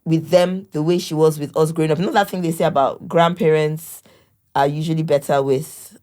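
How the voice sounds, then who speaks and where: Middle-aged woman guest, low voice, chatty anecdotes. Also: steady tone, fairly quick. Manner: warm storytelling, acts out family members' lines. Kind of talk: casual conversation.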